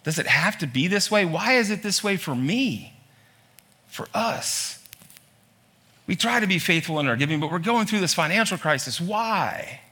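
Male pastor mid-sermon, bright, forceful tone, heavy on rhetorical questions. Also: moderate pace, breathy edge. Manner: lively preaching, voice climbing high on emphatic lines; asks many rhetorical questions. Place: church hall.

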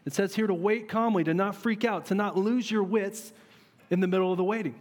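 A man in his thirties preaching a sermon as a pastor, earnest and animated, asking his listeners questions. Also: high voice, fairly quick. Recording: long reverb of a large hall.

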